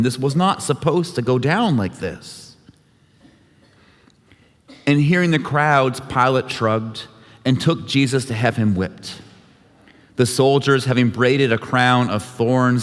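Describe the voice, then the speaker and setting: A man's voice: mid-range voice, slow. A man leading a church service, telling a scripture story with light voicing of each character. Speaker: worship leader. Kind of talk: dramatic scripture retelling. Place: church sanctuary. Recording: long hall reverb.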